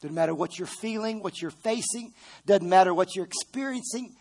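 A man's voice: high-pitched, normal speed, a little mellow. A middle-aged male pastor delivering a fervent sermon. His voice sits a little above the usual male range. He keeps calling on the congregation to answer and hammers key phrases home by repeating them. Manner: fervent preaching with call-and-response to the congregation; repeats phrases for emphasis, with frequent restarts.

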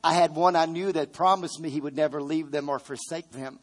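Fervent middle-aged male preacher, slightly high. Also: fairly even intonation, fairly quick. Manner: fervent preaching with call-and-response to the congregation; repeats phrases for emphasis, with frequent restarts. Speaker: pastor. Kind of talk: sermon.

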